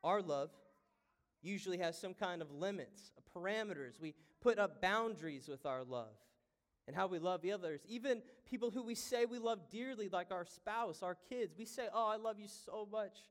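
High-voiced impassioned preacher man. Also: moderate pace. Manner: impassioned preaching with wide swings from hushed to loud. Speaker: pastor. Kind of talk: sermon. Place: church sanctuary.

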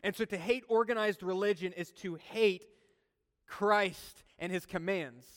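A man's voice: high voice, unhurried. A male pastor preaching a sermon, earnest and conversational, with humorous personal asides. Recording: long hall reverb.

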